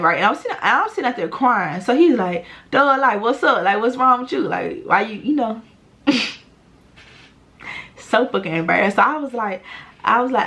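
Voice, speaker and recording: Profane, animated young woman storyteller. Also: mid-range voice. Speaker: vlogger. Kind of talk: casual storytime vlog.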